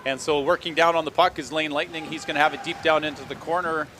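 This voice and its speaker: A man calling hockey play-by-play in a rapid running stream, with dry joking asides between plays. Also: a little high, steady tone, noisy background. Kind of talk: play-by-play sports commentary.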